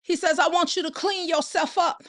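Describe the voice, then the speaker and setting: A woman's voice: very high-pitched, steady tone, normal speed, a bit bright. A woman host preaching on a live stream, repeating phrases and asking listeners pointed rhetorical questions, and greeting viewers by name between points.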